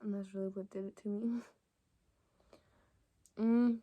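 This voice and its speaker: A young adult woman vlogger telling stories to camera in a casual, rambling way, with lots of fillers and soft asides. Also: mid-range voice, little pitch movement, a little slow. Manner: chatty and rambling, many fillers like "like" and "y'all". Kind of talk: casual storytime chat to camera.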